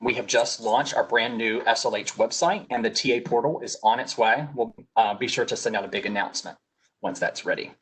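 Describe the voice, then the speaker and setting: Man, Southern US accent, husky, a bit sick, webinar host, polite scripted announcements, video call audio. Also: medium pitch, fairly quick, fairly bright tone, rough recording. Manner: polite, with frequent fillers. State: a little sick.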